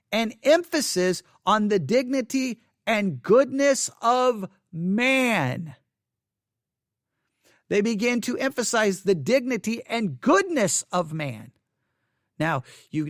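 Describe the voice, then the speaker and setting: Man, high voice, Bible teacher, emphatic lecture, repeats himself, dry close sound. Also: no room sound. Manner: emphatic, repeats points, swings between loud stress and quiet asides.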